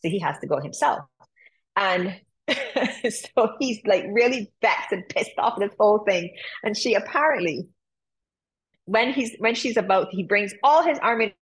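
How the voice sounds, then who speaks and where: Breathy, chatty woman yoga teacher. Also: medium pitch, lively intonation, unhurried, rough recording. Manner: chatty, laughs often, acts out characters in the story. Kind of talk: casual storytelling and yoga instruction.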